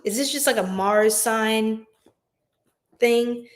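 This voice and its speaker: Chatty woman tarot reader, slightly high voice. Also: slow, rough recording. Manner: chatty, many fillers, addresses viewers as y'all. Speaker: tarot reader, livestream host. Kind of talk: casual livestream card reading. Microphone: phone.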